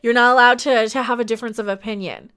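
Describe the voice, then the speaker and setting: A woman's voice: fairly high pitch, fairly even intonation, quick pace, a bit bright, smooth. A woman hosting a livestream, ranting with passion about online mobs and reading viewer comments aloud. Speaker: livestream host.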